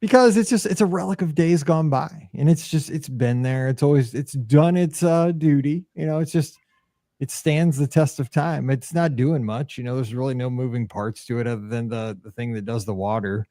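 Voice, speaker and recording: Male podcast co-host, mid-pitched, dry close sound, rambling casual chat. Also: normal speed, no echo. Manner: rambling, animated, many restarts.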